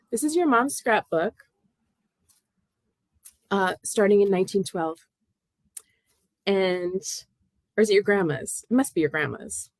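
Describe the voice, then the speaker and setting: A woman's voice: mid-range voice, no room sound. A middle-aged American woman hosting a knitting livestream, chatting casually, and emotional, often laughing and greeting viewers by name.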